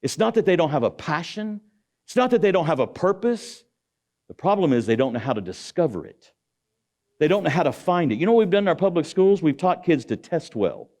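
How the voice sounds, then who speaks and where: A middle-aged man, a guest speaker, delivers a motivational speech in an auditorium, preaching and throwing rhetorical questions at the audience. His voice is a little high and sing-song, fairly quick, with a darkish tone.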